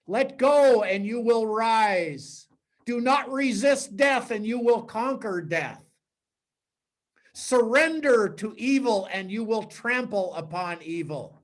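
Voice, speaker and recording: A man, a priest, giving a spiritual teaching talk, telling stories animatedly and repeating words as he restarts sentences. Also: sits high. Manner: animated storytelling with acted-out quotes and sound effects.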